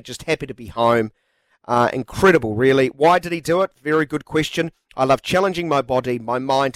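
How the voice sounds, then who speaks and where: A man's voice: fairly high pitch, dry recording. A man co-hosting a sports radio show, chatty and jokey. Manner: chatty, reads quotes aloud, jokey. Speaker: radio co-host. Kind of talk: casual sports radio chat.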